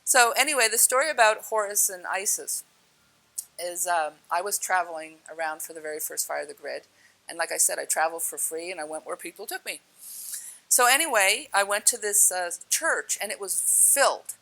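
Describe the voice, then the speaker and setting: A woman with a low-set but bright, gravelly voice tells personal stories in an easy, conversational way. She laughs often and slips into the other people's lines as she recounts them. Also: normal speed, low-quality recording. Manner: animated, laughs often, acts out dialogue. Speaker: speaker telling personal stories. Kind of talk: casual spoken storytelling.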